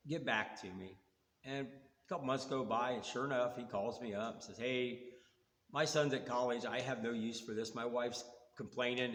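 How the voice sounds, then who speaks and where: Man, casual rambling car storyteller, even mid voice, roomy echo with long tail. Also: mid-range voice. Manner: rambling, retells dialogue with quoted back-and-forth. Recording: echoey room with long reverb.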